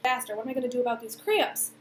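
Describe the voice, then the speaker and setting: A young woman in her twenties telling a personal story to camera, chatty and animated, with lots of fillers and acted-out quotes. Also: on the high side, rapid-fire. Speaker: vlogger. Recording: echoey room, faint background noise.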